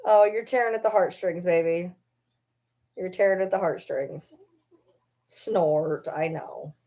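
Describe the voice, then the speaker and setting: A woman's voice: fairly low pitch, a little slow, dark tone. Woman teasing her dog on camera. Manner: teasing, doting baby talk to her dog. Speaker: vlogger. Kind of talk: casual chat to camera.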